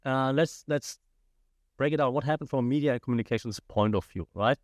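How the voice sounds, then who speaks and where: A man's voice: medium pitch, a little fast, no echo, clean studio sound. A man hosting a casual solo podcast, sick and talking around a cough drop in a chatty, playful, self-deprecating way. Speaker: podcast host.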